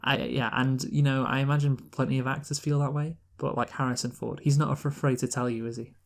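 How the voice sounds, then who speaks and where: A man's voice: medium pitch, flat delivery, a little fast, gravelly. A man co-hosting a podcast in casual, rambling chat, often laughing. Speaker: podcast co-host.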